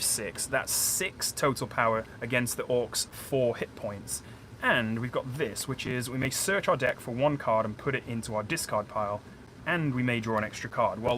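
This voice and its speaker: A man's voice: mid-range voice, fairly bright tone. Chatty South Yorkshire man streaming a board game. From small town outside Sheffield, England. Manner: chatty, rambling, thinks aloud, talks to viewers. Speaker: live streamer playing a solo board game. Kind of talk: casual live-stream chat explaining rules. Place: indoors at home, curtained room. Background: faint boiler noise.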